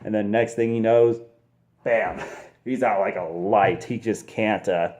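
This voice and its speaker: A man's voice: on the low side, steady tone, unhurried, a little mellow. A man casually reviewing a movie, rambling with lots of fillers and frequent laughs.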